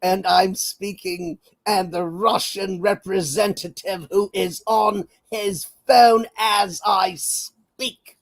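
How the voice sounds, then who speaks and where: A pompous, haughty British diplomat in a posh accent, as a man puts him on, his voice pitched high above his usual tone. He rises into indignant mock outrage and demands deference. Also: steady tone, slow pace, few pauses, dry recording, full character voice. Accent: posh British, put on.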